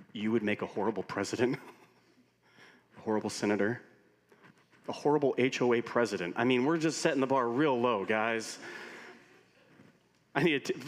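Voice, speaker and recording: Pastor preaching in a reverberant hall. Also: male voice, medium pitch. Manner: animated storytelling with humor. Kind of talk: sermon. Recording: long reverb of a large hall.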